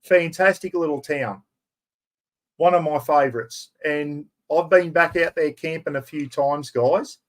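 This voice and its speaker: A man in his fifties with an Australian accent, excitedly hosting a chatty live stream giveaway and poking fun at himself. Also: a little high, a little slow. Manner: excitable, chatty, self-mocking.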